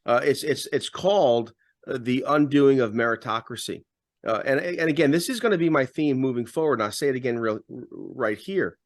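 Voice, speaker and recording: A man's voice: mid-range voice, expressive, fairly quick, dry recording, studio quality. Emphatic male talk-show co-host. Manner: emphatic, repeats words when building a point. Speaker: radio host and podcast co-host. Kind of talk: casual political talk.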